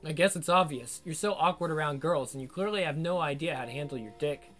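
A man's voice: fairly high pitch, quick pace, a bit bright, lightly acted. A teasing older woman tutor, as a male reader puts her on. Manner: teasing, sultry. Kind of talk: adult audiobook narration.

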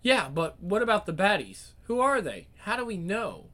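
A crude, drunk young lad fires off blunt, pushy questions, as a man voices him. The voice swings lively in pitch, casual and rough-edged, in a comic-book reading. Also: normal speed. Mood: brash.

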